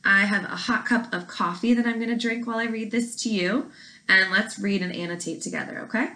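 Woman teacher, online lesson, friendly, encouraging, bright tone. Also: mid-range voice, fairly even intonation, fairly quick, low-quality recording. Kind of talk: reading aloud to students.

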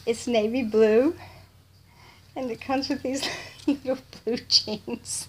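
Woman, middle-aged, hushed gushing vlogger, slow unhurried talk, slightly high voice. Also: lively intonation, a little hiss or hum. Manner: soft-spoken, gushing, often whispering. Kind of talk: casual unboxing chat. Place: home, indoors.

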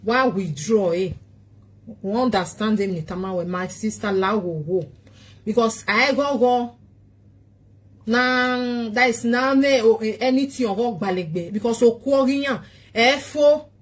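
A Nigerian woman speaks in a husky voice that sits a bit high. She pleads over and over and keeps returning to short questions. Her talk is loose and casual. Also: a little slow.

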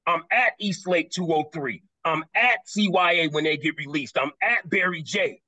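A man speaking as a panelist on a video call, passionate and quick, repeating words for emphasis. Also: a little high, pushed and bright, dry recording, rough recording.

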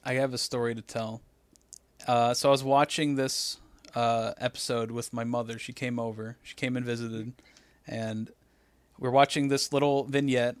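A medium-pitched man with a clear, resonant tone speaks at a moderate pace, with no echo. As a podcast co-host in relaxed chat, he tells lively stories and acts out what others said.

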